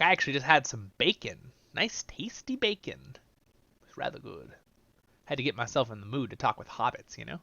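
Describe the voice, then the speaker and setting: Casting: male game host, lively up-and-down delivery, dull dry mic sound. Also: mid-range voice, fairly quick, vocal fry, no echo. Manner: chatty, talks straight to viewers. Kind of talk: let's-play game commentary.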